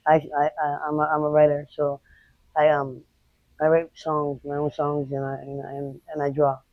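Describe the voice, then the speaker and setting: A woman interviewed outdoors on the street, recounting her experiences in a blunt, unfiltered way with halting restarts. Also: low-pitched, completely flat delivery, dry recording, phone-quality sound. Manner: rapid, halting retelling. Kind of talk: candid personal storytelling.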